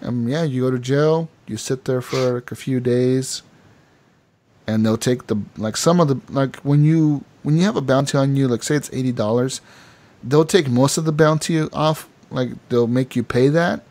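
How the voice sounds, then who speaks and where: Man, gaming podcast co-host, mid-pitch, casual animated storyteller who keeps acting out what others said. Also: normal speed. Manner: animated storytelling with quoted voices and filler words.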